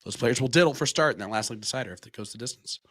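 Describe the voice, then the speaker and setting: A man doing quick play-by-play commentary on a darts match, reading out chat messages and sponsor plugs. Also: mid-range voice, dry recording, studio quality. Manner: bright, quick play-by-play, reads chat and ads. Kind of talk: casual live commentary.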